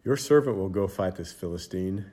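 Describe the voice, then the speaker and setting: A man's voice: deep voice, lively intonation, moderate pace, dark tone. A man voicing a brave young shepherd boy who speaks with earnest, defiant confidence in a children's Bible storybook. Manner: earnest, bold, indignant. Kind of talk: storybook character voice.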